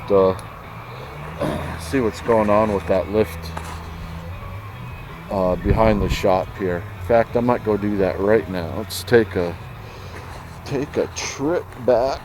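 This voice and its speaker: A man talking casually to camera in a vlog, rambling and thinking aloud, often clearing his throat, moving between his workshop and yard. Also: lowish voice, fairly even intonation, slow pace, pauses often, a little mellow, slight background noise, poor audio. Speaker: vlogger.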